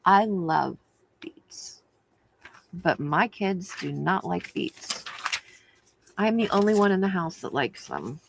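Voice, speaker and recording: A woman's voice: fairly low pitch, animated, measured pace, gravelly, slight background noise, low-quality recording. A middle-aged woman hosting a crafting livestream, chatting casually and giggling while reading viewer comments.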